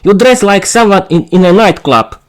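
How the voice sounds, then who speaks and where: A man's voice: high-pitched, animated, normal speed, voice pushed up. A man voicing a grumpy, disapproving vampire father who mutters and fumes. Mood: fuming. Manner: muttering, fuming.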